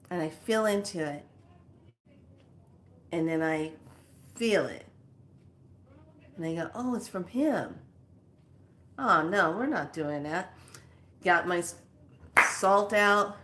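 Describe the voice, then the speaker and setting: A woman and spiritual teacher telling a story in casual, animated, slangy talk. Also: mid-range voice. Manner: animated, slangy, acts out voices.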